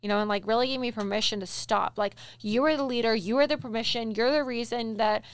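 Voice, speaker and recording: A woman hosting a casual interview, emphatic and encouraging, telling stories in an animated way. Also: on the high side, fast, smooth, no room sound. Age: adult, with a daughter. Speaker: podcast host.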